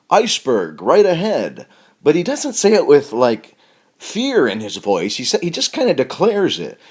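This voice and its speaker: A middle-aged male comedian delivering a meandering, deadpan comic monologue, breaking now and then into loud mock line readings. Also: medium pitch. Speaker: comedian, podcast host.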